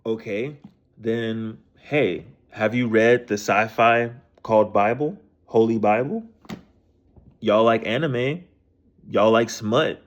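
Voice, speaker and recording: A man, ranting casually about scripture in a profane, animated way, full of repeated rhetorical questions. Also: fairly low pitch, takes it slowly, dull audio. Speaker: streamer discussing scripture.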